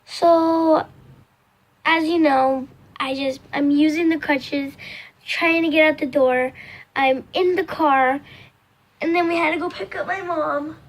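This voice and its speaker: High-voiced young woman rambling a storytime. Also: steady tone, slow pace, pauses often. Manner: rambling, filler-heavy storytelling with many "like"s; acts out quoted voices in sudden loud, high bursts. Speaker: vlogger. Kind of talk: casual storytime chat.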